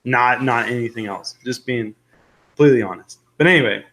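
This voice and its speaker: A young man chatting casually on a live stream, mid-pitched and relaxed. He rambles, jokes and reads out viewer comments, with plenty of ums and restarts. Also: a little fast. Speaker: livestream host.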